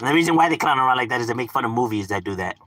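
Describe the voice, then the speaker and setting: Streamer, male, high husky voice with a lot of lilt, profane laughing rant. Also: animated, very fast, a bit bright, no echo. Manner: profane, slangy, laughing, mock-exasperated. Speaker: game streamer. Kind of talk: casual live-stream rant.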